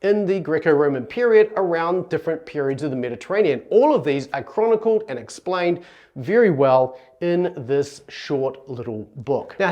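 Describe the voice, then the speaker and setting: A man's voice: on the high side, dark tone, lo-fi sound. A man from New Zealand with a New Zealand accent, explaining Greek pronunciation in a conversational video lesson, correcting himself as he goes. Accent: New Zealand English. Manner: earnest, conversational, restarts and self-corrections. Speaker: Greek teacher.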